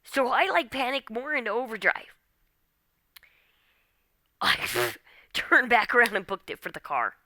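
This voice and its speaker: A woman's voice: on the high side, wildly swooping pitch, a little slow, long pauses, pushed and bright, dry recording. A woman vlogger recounting a frightening personal story in a tense, casual monologue, with lots of fillers like "like" and "okay?". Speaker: vlogger telling her own story.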